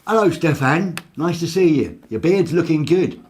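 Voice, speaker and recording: A man's voice: a little high, animated, moderate pace, a little mellow, slight background noise. A man hosting a casual live show from a small studio, reading out viewer comments with cheeky, rambling jokes. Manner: jokey, rambling, cheeky asides.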